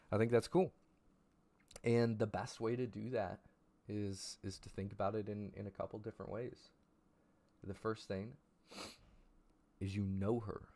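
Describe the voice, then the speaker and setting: A man's voice: sits low, creaky, a little mellow. A young man hosting a casual livestream, hyped and repeating viewers' names as he reads their messages. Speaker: livestream host.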